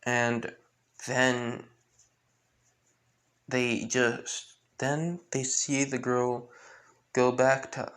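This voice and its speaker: In a level, fairly bright mid-range voice, a man drags out his words and pauses often while improvising fan-fiction narration. This fan storyteller rambles, full of restarts and with-clauses.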